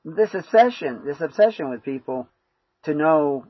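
A man's voice: mid-range voice, lively intonation, moderate pace, husky, dry recording, highs cut off. A man giving a rambling, conversational sermon full of fillers. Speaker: preacher. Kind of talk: informal sermon.

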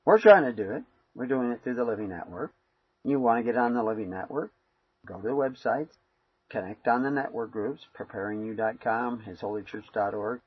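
Man, informal sermon, husky voice, rambling, dull lo-fi recording. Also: medium pitch, no room sound. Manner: rambling, conversational, many fillers. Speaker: preacher.

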